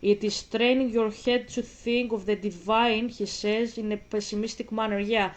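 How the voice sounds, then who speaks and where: In a casual vlog, a woman with a fairly high, fairly even voice speaks at a normal speed. She reads passages aloud, then stops to question and argue with them, sounding hesitant and searching.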